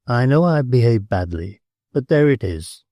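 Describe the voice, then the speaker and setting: A man's voice: mid-range voice, expressive, normal speed, warm tone, no echo, studio quality, lightly acted. A man voicing a big, blunt American gambler with an abrupt, muttering manner, in an audiobook. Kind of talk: audiobook character voice.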